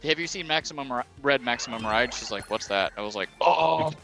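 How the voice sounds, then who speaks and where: A man's voice: mid-range voice, lively intonation, a little fast, gravelly, a bit bright, soft background music. A man streaming a game and chatting casually, telling a rambling story and acting out what people said. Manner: rambling storyteller who acts out quotes. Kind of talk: casual chat while gaming.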